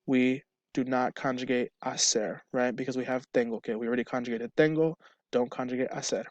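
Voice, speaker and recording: A man's voice: medium pitch, steady tone, fairly quick, no echo, highs cut off. Man teaching a grammar lesson, dry sound. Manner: explains step by step, checks with "right?". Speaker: Spanish teacher. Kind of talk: recorded online lesson.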